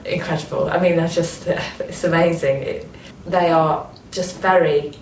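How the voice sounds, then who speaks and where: Northern english woman chatting in an interview, low voice, sounds far off in an echoey room with a bit of hiss. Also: unhurried. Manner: animated, enthusiastic, lots of restarts. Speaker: actress interviewee. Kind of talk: casual interview chat. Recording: roomy, distant mic with faint noise.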